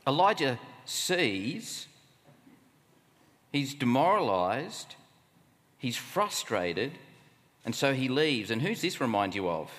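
A man's voice: mid-range voice, very animated, takes it slowly, long pauses, a bit bright. A man with an Australian accent preaching a sermon at a camp, conversational and full of rhetorical questions. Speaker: camp speaker. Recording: long hall reverb.

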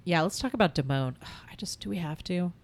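A woman's voice: on the low side, animated, fairly quick. A woman hosting a casual podcast, leading the discussion with a frank, blunt manner. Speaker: podcast host. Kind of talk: casual chat.

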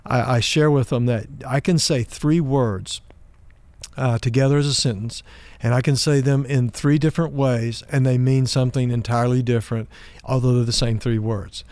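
A man pastor giving a teaching talk on relationships, speaking in a measured, conversational way and explaining with everyday examples. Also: medium pitch, fairly even intonation, a little mellow, no room sound.

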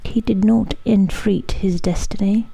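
A woman reads a story aloud in a soft, hushed way, unhurried and slow. Her voice is dark and mellow with a gravelly edge. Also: mid-range voice, steady tone. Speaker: reader.

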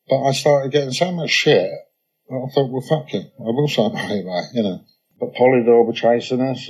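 This musician has a slightly rough voice on the low side, heard through a muffled recording. As a guest in an on-stage conversation, he shares casual anecdotes peppered with "you know," breaking into lively bursts when quoting others.

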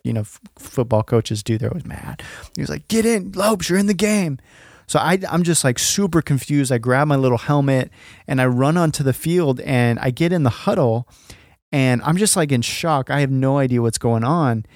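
A man's voice: medium pitch, darkish tone, no room sound, clean studio sound. A man telling a self-deprecating personal story in a casual talk, chuckling often and restarting his sentences.

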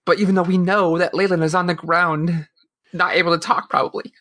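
A woman co-hosting a casual podcast discussion, retelling scenes in an animated way and acting out quotes. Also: lowish voice, a little fast. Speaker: podcast co-host.

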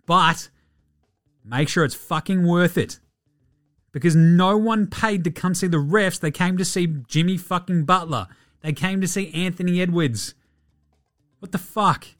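A man's voice: high-pitched, a little slow, long pauses, a bit bright, soft background music. A man with an Australian accent hosting a basketball podcast, talking casually with blunt, profane rants. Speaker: podcast host. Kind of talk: casual sports talk.

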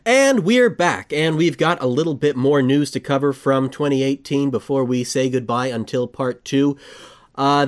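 A man hosting a podcast, talking in a wry, teasing way. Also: a little high. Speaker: podcast host. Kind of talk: casual chat.

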